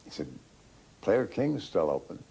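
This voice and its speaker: Very deep, gravelly-voiced man. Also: big pitch swings, unhurried, warm tone, low-quality recording. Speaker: actor interviewed. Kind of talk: interview anecdote.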